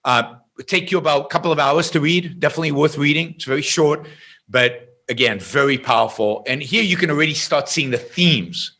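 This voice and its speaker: A middle-aged man, a podcast guest, telling a story in an emphatic, animated way. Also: fairly high pitch, brisk.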